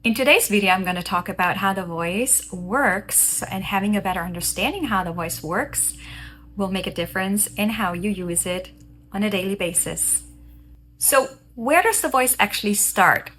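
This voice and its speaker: A woman vocal coach giving a calm, clear explanation of how the voice works, talking to camera. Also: mid-range voice, normal speed, a little hiss or hum. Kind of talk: educational talk to camera.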